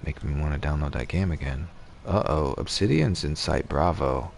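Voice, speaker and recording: A man's voice: very deep voice, animated, moderate pace, vocal fry, hardly any pauses, slight background noise. A man streaming a game, chatting casually and rambling, with swearing and restarts. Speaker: gaming streamer. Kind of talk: casual gaming chat.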